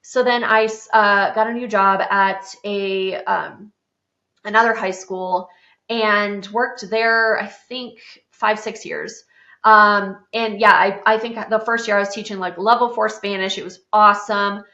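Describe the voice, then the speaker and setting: A bright, clear-voiced woman in her thirties tells her own story on a podcast, candid and chatty, with plenty of "like" and a swear word here and there. The room rings noticeably around her, and the sound is a little dull and muffled at the top. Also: mid-range voice, fairly even intonation, unhurried, roomy sound. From South Dakota. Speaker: podcast host. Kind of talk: casual personal storytelling.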